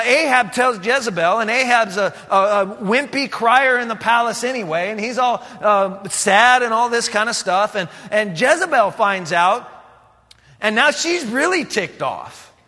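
A male pastor tells a Bible story from the pulpit with animated drama and plenty of restarts. His voice sits high and sounds bright and forceful. A long hall reverb trails behind him in the church sanctuary. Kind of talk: sermon storytelling.

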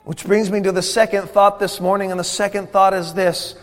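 A male pastor with a fairly high voice preaches in a church sanctuary. He is emphatic and repetitive and builds from quiet to forceful passages, with the long reverb of a large hall behind him. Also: level tone, brisk. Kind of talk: sermon.

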